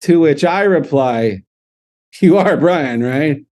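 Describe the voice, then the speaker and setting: A man's voice: a little high, lively intonation, slow pace, darkish tone. A man co-hosting a podcast, telling an anecdote in casual chat, laughing often and acting out the dialogue. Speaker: podcast co-host.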